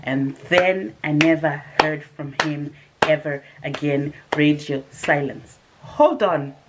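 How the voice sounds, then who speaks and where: A woman vlogging, telling a personal story in a casual, animated and sarcastic way with rhetorical asides. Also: low-pitched, takes it slowly, background noise.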